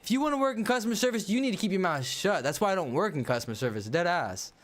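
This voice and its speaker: A man's voice: high-pitched, animated, fast talker. A man livestreaming a game and chatting casually, ranting bluntly in slang. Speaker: gaming livestreamer. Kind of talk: casual livestream chat while playing.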